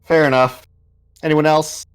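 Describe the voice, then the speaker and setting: A man's voice: on the high side, level tone, a little slow, clear, resonant tone. A man playing a tabletop game, chatting casually as a player.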